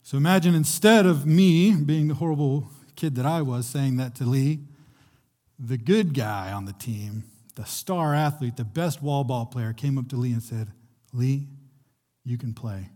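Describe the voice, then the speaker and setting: A man's voice: medium pitch, unhurried, darkish tone. A young man preaching a sermon in a conversational way, restarting phrases as he goes. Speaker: pastor.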